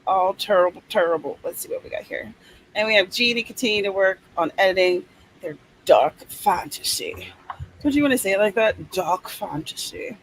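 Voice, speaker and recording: A woman's voice: medium pitch, lively intonation, fairly quick, low-quality recording. Woman host, casual and playful, reads out chat comments over a faint hiss on a streamed call.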